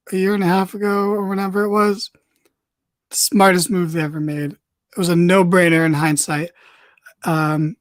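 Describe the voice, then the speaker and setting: A man hosting a podcast, recapping wrestling in a casual, rambling, excitable way with lots of fillers. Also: high-pitched, no room sound. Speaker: podcast host.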